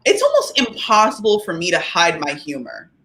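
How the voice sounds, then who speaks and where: A woman co-hosting a podcast in casual chat, joking and animated. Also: lowish voice. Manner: animated, joking, quick laughs. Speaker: podcast co-host.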